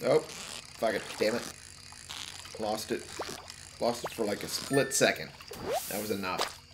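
Slow, swearing gamer man muttering along. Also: lowish voice, heavy background noise. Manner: curses loudly at the game, mutters to himself. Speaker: let's play gamer. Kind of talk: casual gameplay commentary.

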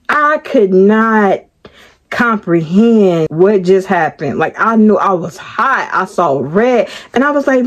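A young woman, telling a storytime vlog in an animated way, speaking straight to viewers. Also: medium pitch, takes it slowly, lo-fi sound. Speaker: vlogger.

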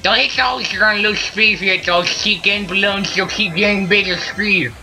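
A man playing a video game and commenting, ranting loudly at his teammates in a put-on silly voice. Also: high-pitched, steady tone, fairly quick. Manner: loud, frustrated ranting at teammates. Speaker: let's play gamer. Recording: faint game music behind. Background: game music.

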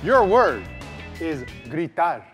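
A young man hosting a trivia challenge, playful and teasing, with an energetic delivery. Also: on the high side, slow, music in the background. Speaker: quizmaster of a challenge game.

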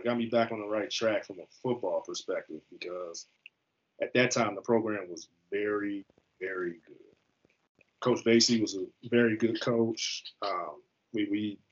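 A man in his thirties from the US East Coast, a football player telling his story as a guest on an interview show. He talks in an animated, slangy way. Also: on the low side. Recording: slightly muffled lo-fi recording.

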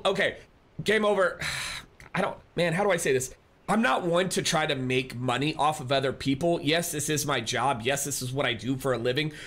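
A man's voice: fairly high pitch, bright, forceful tone. A man live-streaming, chatting casually and rambling as he answers viewers and thanks them. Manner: rambling, restarts often, reads chat aloud.

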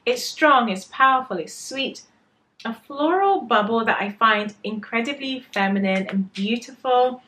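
A woman's voice: fairly high pitch, lively intonation, a little slow, pushed and bright. An English woman reviewing perfumes in a vlog, talking with enthusiastic, gushing detail about how they smell. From England. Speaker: perfume vlogger.

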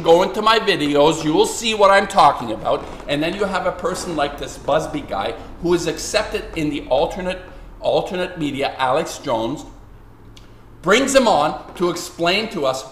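A man's voice: a little high, a bit bright. A man delivering an angry, profane, rambling rant as a video blogger and artist. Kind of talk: angry ranting commentary. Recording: roomy room echo, faint hiss.

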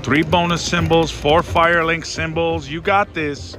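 A man playing slots on a casino floor, giving excitable running commentary and calling out to his viewers and his mom. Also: fairly high pitch, unhurried, few pauses. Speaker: casino slot vlogger. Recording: casino floor with loud music. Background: slot machine music.

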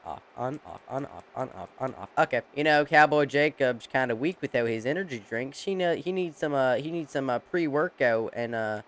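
A young man talks over his farming game in a loose, joking, rambling way. His voice is smooth and clear, sitting at an ordinary middle pitch. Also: fairly bright tone. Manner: jokey, rambling, playful cowboy banter. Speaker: gaming channel host. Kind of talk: casual game commentary.

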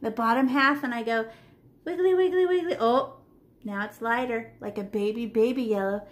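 Fairly high and fairly bright, a woman's voice keeps a steady tone and moderate pace as she teaches a live online painting class for children. Chatty and playful, the art teacher talks them through each step on her laptop mic over a video call from a home room that sounds echoey.

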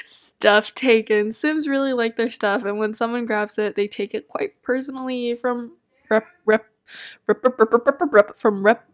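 A woman's voice: fairly high pitch, moderate pace. A young woman giving casual gameplay commentary, chatty and easily exasperated, laughing often. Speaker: let's play gamer.

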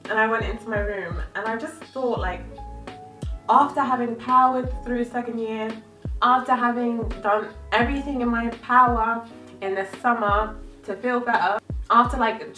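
A young woman with a crisp, bright voice talks openly about her own life, a little distant from the mic in an echoey room. Faint music plays under her. The delivery is candid and conversational. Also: a little high. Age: early 20s. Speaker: vlogger. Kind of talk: confessional storytelling vlog.

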